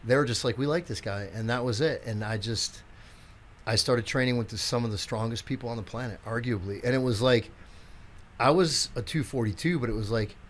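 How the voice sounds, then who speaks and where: Older man telling a lively war story. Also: medium pitch, brisk, slight background noise. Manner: animated storyteller who acts out quotes and swears freely. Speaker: podcast guest, physical therapist and strength coach. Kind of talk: casual storytelling in a podcast chat.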